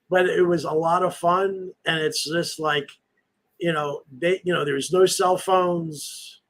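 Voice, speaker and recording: Man in his 60s, podcast host, rambling nostalgic stories, slightly high voice. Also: a bit bright, low-quality recording. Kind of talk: casual reminiscing chat.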